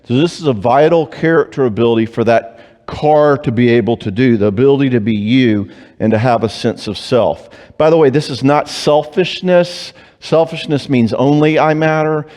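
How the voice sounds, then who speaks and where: A man speaks as a Christian psychologist at a marriage conference. He is animated and joking, often slipping into quick voices for clients and spouses. His voice rings with the long reverb of a church hall. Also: mid-range voice. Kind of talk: conference talk.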